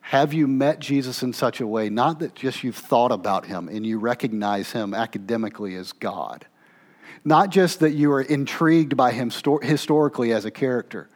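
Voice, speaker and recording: A man preaching a sermon, moving between emphatic, raised passages and quiet, low asides, often checking in with the congregation with a conversational "okay?". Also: moderate pace. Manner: conversational, with frequent "okay?" check-ins and restarts. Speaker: pastor.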